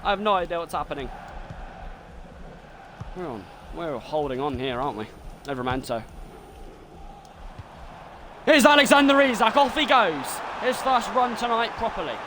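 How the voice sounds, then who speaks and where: A young man streaming a football video game, giving his own excitable commentary that swings between frustrated rants and shouted goal calls. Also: a little high, moderate pace, noisy background. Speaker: gaming streamer doing self-commentary.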